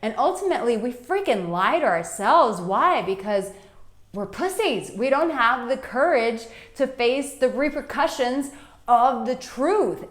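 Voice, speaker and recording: Blunt, frank woman coaching in an echoey room. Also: medium pitch. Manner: blunt, frank, swears freely, animated storytelling. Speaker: relationship coach and host. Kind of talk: casual advice vlog to camera.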